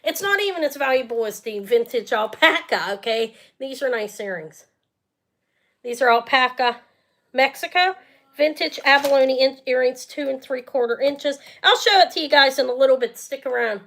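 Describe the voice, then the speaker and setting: A chatty woman runs a casual live sales stream, her voice sitting a little high. She rambles freely and addresses viewers directly as she goes. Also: lively intonation, moderate pace, fairly bright tone. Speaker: jewelry seller hosting a live sale.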